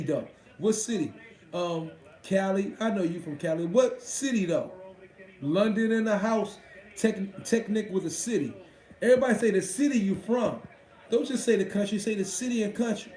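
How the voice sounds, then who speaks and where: A man's voice: high-pitched, warm tone, roomy sound, poor audio. A man hosting a live stream, chatting casually with his viewers in a profane, boastful way. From Washington D.C.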